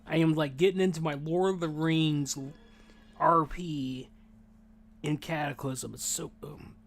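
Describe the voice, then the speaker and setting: A man chatting casually while he plays a game, rambling and animated, saying dude a lot, and talking with his mouth full while he eats. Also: a little high, unhurried, gravelly. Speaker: gaming streamer. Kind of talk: casual gameplay chat.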